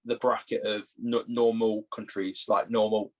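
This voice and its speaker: A young English man co-hosting a podcast in casual, teasing banter, quick to laugh at his own jokes. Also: fairly low pitch, flat delivery. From England. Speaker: podcast co-host.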